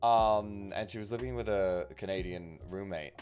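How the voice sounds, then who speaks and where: A chatty Australian man with a lowish voice hosts a live stream, reacting to viewer comments with quick swings in loudness. Soft music plays faintly underneath him. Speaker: stream host. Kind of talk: casual chat on a live stream.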